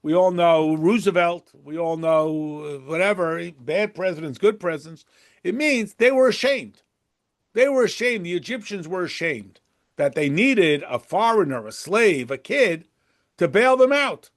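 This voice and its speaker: Gravelly high-voiced man teaching a class. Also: a little slow. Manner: animated, acts out quotes in raised voices; rhetorical questions and conversational asides. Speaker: Torah teacher. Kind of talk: Torah class lecture.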